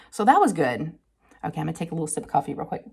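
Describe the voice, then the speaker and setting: A woman, chatting casually to her viewers and telling an animated family story with frequent laughter. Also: fast talker, creaky, slightly rough. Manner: chatty, animated, laughs often, quotes people in higher voices. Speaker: crafting channel host.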